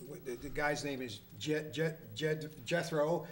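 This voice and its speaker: A male guest telling jokes in casual talk, with rambling, halting setups. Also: a little high, a bit bright.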